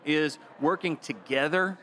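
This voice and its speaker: A man's voice: fairly high pitch, unhurried, fairly bright tone, a little hiss or hum. A man moderating a panel discussion, enthusiastic as he hands turns to the guests.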